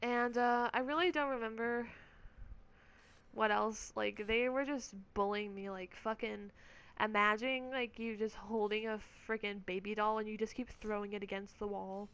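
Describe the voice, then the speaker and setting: A woman's voice: mid-range voice, steady tone, moderate pace, a bit bright, clear, resonant tone. A woman gamer vlogger telling a story in a casual, rambling rant, swearing often and filling her speech with "like". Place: at home.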